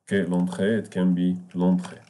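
A man whose first language is Arabic teaches a beginners' language class in English. His voice sits low and mellow. He is patient, repeats each word and spells it out letter by letter. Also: completely flat delivery. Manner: patient, repetitive, spells out words slowly. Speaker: French teacher. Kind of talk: explaining a language lesson.

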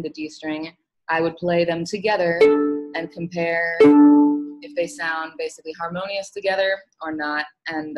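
A woman music teacher giving an online lesson, explaining calmly with frequent "um" fillers. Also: on the low side, rough recording. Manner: relaxed explaining with many fillers.

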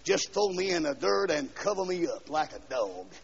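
A man preaching a fiery revival sermon, dropping to quiet asides and then shouting and singing out lines, heard on a dull 1970s LP recording from a church. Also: high-pitched, huge pitch swings, normal speed, vocal fry, husky. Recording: dull 1970s LP recording with long hall echo.

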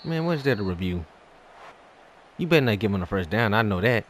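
A man giving live commentary over his own gameplay as a YouTuber, ranting in exasperation and swinging between muttering and shouting. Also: fairly low pitch, expressive, a little fast, slight background noise. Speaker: gaming YouTuber.

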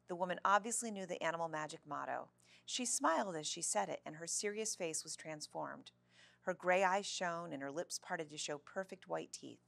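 A woman reading a children's chapter book aloud at a clear, steady pace. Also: fairly low pitch, normal speed, no room sound. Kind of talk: storybook read-aloud.

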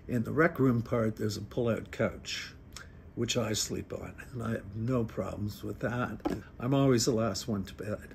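A man's voice: lowish voice, a little slow, creaky, slight background noise. A middle-aged man, telling a personal story in a casual, wry, self-deprecating way. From Northern Ontario. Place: recorded on a phone. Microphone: phone.

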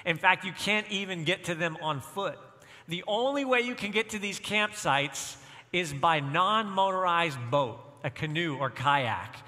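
A man with a high, bright voice delivers a sermon as a storytelling pastor. His words ring out in a church hall with a long reverb tail. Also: lively intonation, a little slow. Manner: storytelling, emphatic repetition.

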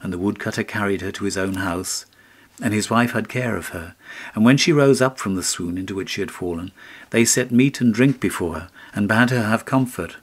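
A man with a fairly low voice narrating a fairy tale in a measured, steady manner. Scripted audiobook reading with a clear storytelling pace.

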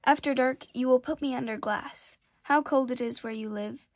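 A woman's voice: high voice, normal speed, dry recording, clean studio sound. A woman voicing a vain, delicate female flower who talks sweetly and fussily. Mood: fussy. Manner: sweet, coy and affected.

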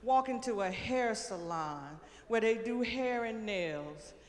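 A woman's voice: on the high side, slow pace. An older woman doing a brash, profane stand-up set on a large theater stage. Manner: brash, profane, animated storytelling. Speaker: stand-up comedian. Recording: long theater reverb, faint noise.

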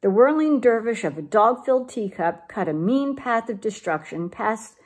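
Lively woman reading a picture book. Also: a little high, normal speed. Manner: expressive, lively read-aloud. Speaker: storyteller.

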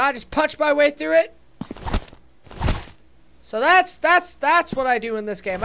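A high-pitched woman narrates her play-through of a horror game, joking and sarcastic as she goes. She talks back to the game as if it could hear her. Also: noisy background. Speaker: let's play gamer. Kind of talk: casual gameplay commentary.

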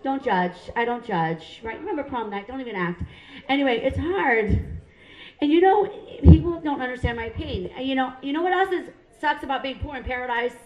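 A woman's voice: sits high, lively intonation, fairly quick, a little mellow, highs cut off. A middle-aged woman from Hawaii, doing stand-up comedy on a club stage, punchy and self-mocking as she chats with the crowd. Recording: roomy club sound.

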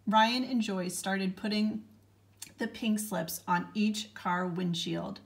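A woman narrating a children's storybook aloud with a clear, gentle storytelling delivery. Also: medium pitch, slow pace.

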